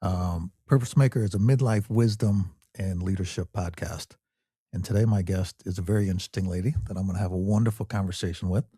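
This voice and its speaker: A male podcast host speaks in a very low, husky voice. He keeps the chat easygoing and folksy, dropping fillers as he goes. The sound is close and dry. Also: fairly even intonation, brisk, dark tone, no echo. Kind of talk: casual interview chat.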